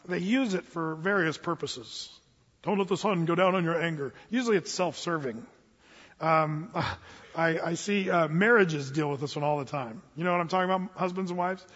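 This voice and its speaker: A male pastor with a high, husky voice delivers a folksy, humorous sermon full of restarts and asides. The sound is dull and washed in long hall reverb, as if from a church sanctuary. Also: moderate pace, a bit bright. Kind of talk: conversational sermon.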